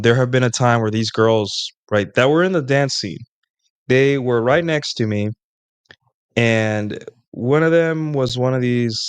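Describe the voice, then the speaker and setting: A man's voice: medium pitch, clear, resonant tone, no room sound. A man hosting his own stream, telling long, boastful dating stories in a casual ramble and often checking in with his listeners. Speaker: streamer hosting a solo talk show. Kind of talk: casual storytelling monologue about dating.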